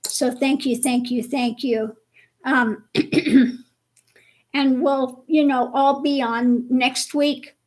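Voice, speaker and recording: A woman hosting a casual livestream chat with viewers, slow and chatty, laughing often, with her voice a bit worn. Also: high-pitched, fairly even intonation, a little mellow, rough recording. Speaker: livestream host.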